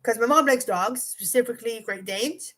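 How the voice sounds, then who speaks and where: A woman's voice: fairly high pitch, moderate pace, a bit bright. A young woman casually telling a rambling personal story, swearing freely and often restarting her sentences. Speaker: vlogger.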